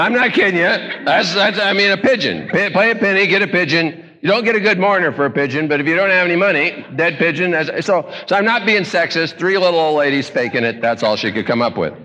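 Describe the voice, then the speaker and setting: A man preaching a folksy, joking sermon, telling stories in an animated way. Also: sits high, dull audio. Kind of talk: comedic sermon. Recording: echoey hall.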